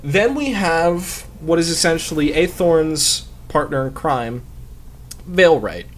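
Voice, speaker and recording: A man's voice: on the high side, animated, slow. A man chatting casually while playing a game, rambling and swearing with many fillers into a close desk mic. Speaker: gamer and podcast host.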